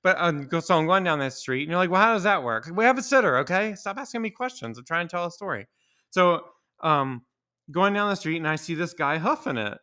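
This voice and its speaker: High, lively, profane ranting man. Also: a little fast, clear, resonant tone. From Maryland. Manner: profane, opinionated ranting with laughs. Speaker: podcast host. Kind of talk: solo podcast monologue.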